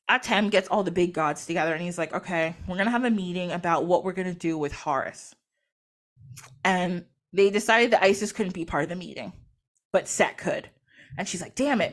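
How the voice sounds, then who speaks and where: A woman casually retelling a myth, animated and laughing often as she acts out the quotes. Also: medium pitch. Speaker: podcast guest or host.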